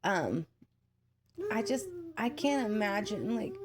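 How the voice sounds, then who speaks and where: A woman's voice: mid-range voice, wildly swooping pitch, slow pace. A young woman vlogger talking through near tears, heartfelt and rambling with many fillers, as she shares a personal story. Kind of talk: emotional personal commentary. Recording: child noise in the background. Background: child yelling nearby.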